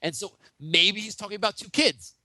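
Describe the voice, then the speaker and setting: A podcast host doing a mock rant as an overheated sports pundit, stammering with theatrical outrage and sarcasm. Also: male voice, high-pitched, normal speed, bright, forceful tone, no room sound. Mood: outraged.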